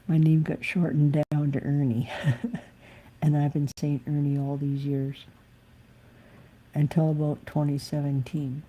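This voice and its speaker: A woman's voice: low voice, dull audio. A woman musician talking candidly and bluntly in a live-stream monologue. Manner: blunt, emphatic, occasionally swearing.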